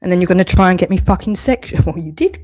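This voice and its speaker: A woman's voice: on the low side, expressive, fast talker, darkish tone. A woman delivering an angry, heavily sworn monologue rant, accusing and scolding. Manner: heavy swearing, accusatory, rising anger.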